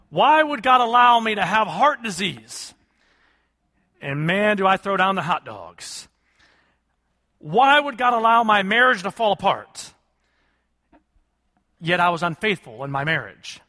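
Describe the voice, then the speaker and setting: A man's voice: high-pitched, bright, forceful tone, in a large hall. A man preaching a sermon, questioning his congregation and calling for answers. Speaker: pastor.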